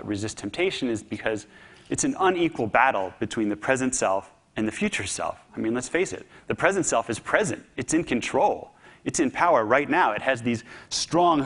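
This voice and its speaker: A man giving a public talk, telling a story with humor and lively delivery. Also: mid-range voice. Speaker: speaker.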